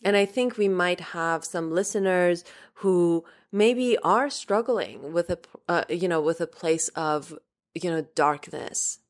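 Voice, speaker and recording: Slow, low-voiced woman asking gently. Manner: slow, measured, gently searching questions. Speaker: podcast co-host. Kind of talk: casual podcast chat.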